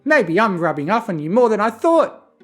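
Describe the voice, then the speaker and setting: A narrator voicing a bubbly, hyper young female pony who talks excitedly. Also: mid-range voice, normal speed, soft background music, voice pushed up. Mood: teasing. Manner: excited, bouncy and giggly.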